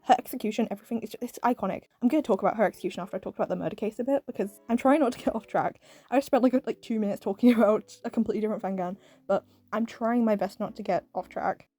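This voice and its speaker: A British woman races through a casual video review in a mid-range, dark-toned voice, rambling with plenty of "like" and "um" and laughing often. No room sound can be heard.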